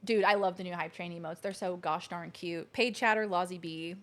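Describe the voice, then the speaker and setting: A woman's voice: lowish voice, steady tone, fairly quick, a bit bright. A woman streaming a video game from her couch at home, chatting casually and gushing thanks to her viewers. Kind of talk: casual live-stream chat. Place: living room couch at home.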